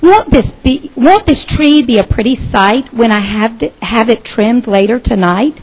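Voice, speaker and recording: A woman's voice: on the high side, lively intonation, a little slow, darkish tone, slightly rough, low-quality recording. A woman voicing a fretful young housemaid in a Christmas picture book, sighing over her worries. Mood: worried.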